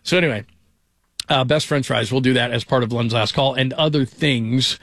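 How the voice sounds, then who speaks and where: A man's voice: medium pitch, moderate pace, a bit bright, no echo. Chatty man hosting sports radio, dry. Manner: rambling, chatty, jumps between stories. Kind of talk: casual sports talk radio. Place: radio studio.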